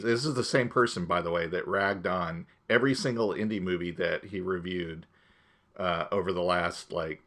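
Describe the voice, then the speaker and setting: Deep-voiced man ranting on a podcast. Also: moderate pace, a bit bright. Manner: exasperated, ranting with mock quotes. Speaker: podcast co-host. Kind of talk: casual chat.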